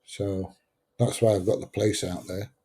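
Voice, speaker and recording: A chatty older man in his seventies with a broad Sheffield accent, rambling through a casual livestream and answering viewers. His voice is fairly low and mellow, and he talks bluntly with the odd swear word. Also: little pitch movement, unhurried, slightly rough. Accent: Sheffield English. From Sheffield, England. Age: 70s. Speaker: livestream host. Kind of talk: casual livestream chat reading out viewer comments.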